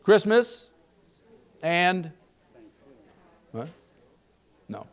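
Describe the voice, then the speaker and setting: A man's voice: a little high, sing-song, slow pace, pauses often. An older man giving a live keynote on the economy, folksy and joking, asking the audience questions. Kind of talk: live keynote talk with anecdotes.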